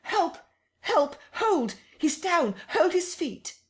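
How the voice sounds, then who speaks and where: A narrator voicing a panicked male doctor who shouts urgent commands during a brawl in an audiobook. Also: mid-range voice, a little slow, husky, pitched above the performer's own voice. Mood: frantic. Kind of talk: audiobook character reading.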